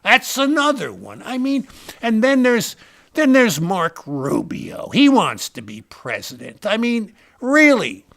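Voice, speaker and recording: A man playing a gravelly, rambling party insider. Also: high voice, huge pitch swings, slow, fairly bright tone, exaggerated voice. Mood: ranting. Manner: rambling, name-dropping, punchline-driven. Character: rambling, boastful male Republican party insider. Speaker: comic character monologue. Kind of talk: satirical stand-up rant.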